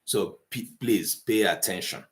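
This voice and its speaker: A man teaching a live online language class, slowly sounding out syllables in high and low tones. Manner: slow, deliberate teaching, mixing English and Igbo.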